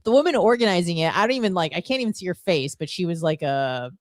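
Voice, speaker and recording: A woman co-hosting a radio show, telling stories in an animated, profane way and laughing often. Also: on the low side, fast talker, no room sound. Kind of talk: casual radio chat. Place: radio studio.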